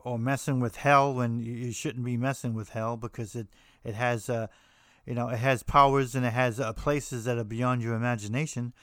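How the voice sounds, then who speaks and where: A man's voice: medium pitch, dry recording, clean studio sound. An American man hosting a podcast, talking casually in a rambling way with frequent restarts and fillers. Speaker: podcast host. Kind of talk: casual monologue on horror films.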